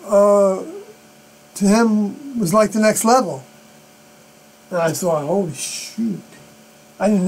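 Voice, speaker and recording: A man talking alone on a live stream, rambling and halting, with many fillers and unfinished sentences. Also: high voice, a little mellow, rough recording. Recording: mains hum behind the voice.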